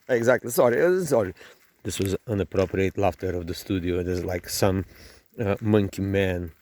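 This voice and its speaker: A man's voice: lowish voice, a bit bright, dry recording. A man with a non-native English accent hosting a vlog, chatting casually and teasing in a mock-announcer way. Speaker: vlog host. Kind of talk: casual joking chat. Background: birds calling.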